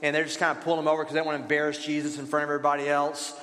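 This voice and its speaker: A man's voice: fairly high pitch, monotone, very fast, pushed and bright. A man preaching a sermon as pastor, in a conversational style with rhetorical questions and repetition. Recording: roomy hall reverb.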